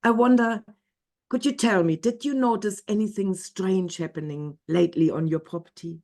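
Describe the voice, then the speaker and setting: A woman's voice: mid-range voice, normal speed, a little mellow, lightly acted. Woman voicing a stern young bird tracker. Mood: alarmed. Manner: urgent, scolding.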